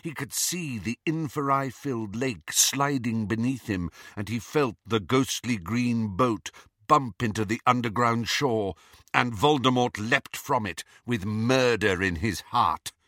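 A man reading a novel aloud in an expressive storytelling manner. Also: mid-range voice, unhurried, dry recording, studio quality. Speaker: narrator.

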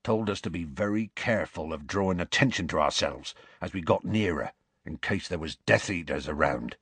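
A man voicing a huge rough-spoken half-giant gamekeeper with a folksy country dialect and dropped letters, telling a story at an unhurried pace. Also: low-pitched, fairly bright tone, no room sound, heavily acted.

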